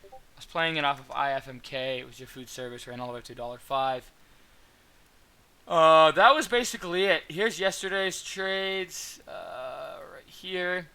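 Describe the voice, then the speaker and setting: A man's voice: on the high side, normal speed, gravelly, pushed and bright, smooth. A young man talking casually as a trading mentor, rambling through his trades with many fillers and restarts. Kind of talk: casual trade recap to viewers.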